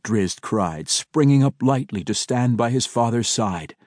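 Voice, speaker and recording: A man narrating a fantasy audiobook in a measured, dramatic storytelling manner. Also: mid-range voice, animated, a little mellow, dry recording, clean studio sound. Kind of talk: scripted narration.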